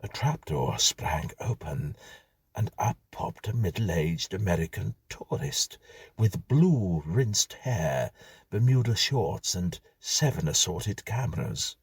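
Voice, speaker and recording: Deep husky male storyteller. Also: very animated, no echo. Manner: measured, dryly whimsical reading. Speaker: narrator. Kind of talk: scripted storytelling.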